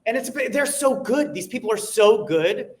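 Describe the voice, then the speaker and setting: A young man in casual conversation about doing impressions, animated and quick to laugh, slipping into bits of voices. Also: sits high. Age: young adult. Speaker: impersonator guest. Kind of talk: casual chat.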